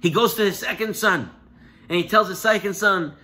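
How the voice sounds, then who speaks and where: Rabbi guy teaching a torah class, high bright voice, tells stories, gets loud then soft. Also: moderate pace. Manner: animated, emphatic, shifts between loud and soft.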